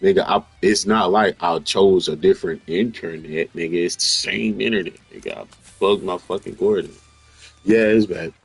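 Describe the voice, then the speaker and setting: A man giving casual, profane gaming commentary on stream, with animated, incredulous outbursts. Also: low voice, moderate pace, vocal fry, slightly rough, no room sound, rough recording.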